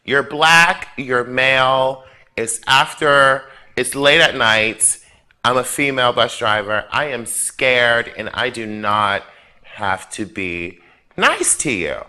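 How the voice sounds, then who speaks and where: A man's voice: mid-range voice, sharp tone, clean tone. A man doing a snappy, scared woman bus driver. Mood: defensive. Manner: brusque, hurried, defensive. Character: curt, frightened middle-aged woman bus driver.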